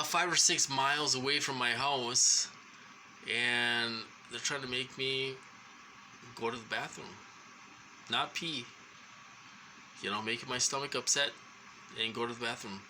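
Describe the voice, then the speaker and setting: A man talks through a long, rambling personal account, stopping often with ums and starting sentences over. His voice is very bright and sharp, with a faint hiss of noise behind it. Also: mid-range voice, rough recording. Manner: halting, full of ums and restarts. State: short of breath at times.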